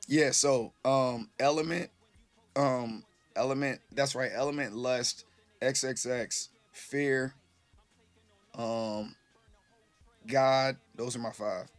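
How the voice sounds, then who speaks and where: A man's voice: medium pitch, fairly even intonation, slow pace, long pauses, soft background music. A man casually chatting with his live-stream viewers, rambling loosely and swearing freely, a little tipsy.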